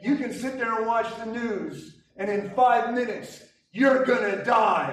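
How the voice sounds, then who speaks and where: Male charismatic preacher, high-pitched and emphatic; distant mic in a very echoey hall. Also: measured pace, hardly any pauses, a bit bright, a faint crowd. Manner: emphatic, rousing, with repeated restarts. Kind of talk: fiery charismatic sermon.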